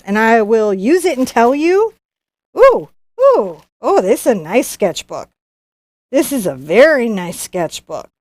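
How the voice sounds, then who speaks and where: A woman's voice: fairly high pitch, no room sound, clean studio sound. A woman artist hosting a live unboxing stream, chatty and bubbly, often restarting her sentences. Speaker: professional artist and channel host.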